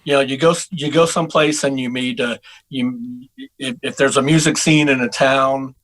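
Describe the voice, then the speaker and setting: A middle-aged man from Texas chats easily as a guest musician, circling back and restarting his sentences as the stories come. His voice has a bright, forward ring. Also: mid-range voice, moderate pace, rough recording. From Houston, Texas. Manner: relaxed storyteller with frequent restarts. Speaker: guest saxophonist. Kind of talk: casual interview chat.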